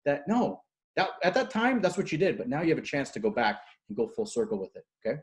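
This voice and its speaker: A man speaking as a guest coach in a casual video-call interview, energetic and acting out quotes as he tells stories. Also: mid-range voice. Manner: fast, energetic storyteller, acts out quotes. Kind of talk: animated casual interview talk.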